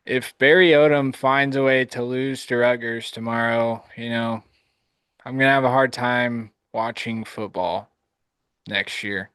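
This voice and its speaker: A man's voice: medium pitch, steady tone, a little slow, a bit bright, clean tone, no room sound. A man co-hosting a live sports podcast, laid-back and easygoing, often laughing along with his partner. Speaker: podcast co-host. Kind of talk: live postgame sports chat.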